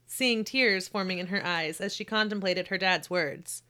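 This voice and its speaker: A woman who works as a home health nurse, reading her own short story aloud and chatting casually, acting out the quoted voices with lively jumps. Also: medium pitch, measured pace, few pauses. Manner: animated reader who acts out quoted voices.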